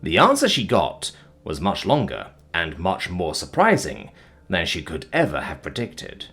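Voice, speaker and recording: Rich: A man narrating a story with a breathy voice and extremely animated pitch. His storytelling is expressive, rising and falling widely through each line. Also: unhurried, soft background music. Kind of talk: audiobook narration of fiction.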